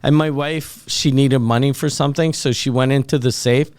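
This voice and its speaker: A man's voice: medium pitch, fairly even intonation, moderate pace, a little mellow, smooth, no room sound, studio quality. A man with a Québécois French accent whose first language is French, co-hosting a comedy podcast and telling crude stories with acted-out quotes. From Quebec, Canada. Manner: crude storyteller acting out quotes. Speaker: podcast co-host. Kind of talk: casual comedy chat.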